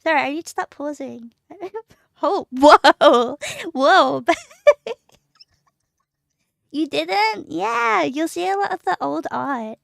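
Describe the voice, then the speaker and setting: Young female streamer, bubbly and emotional; high voice with some fry, dry close sound. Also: measured pace, few pauses. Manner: giggly, excitable, emotional. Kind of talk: casual live-stream chat.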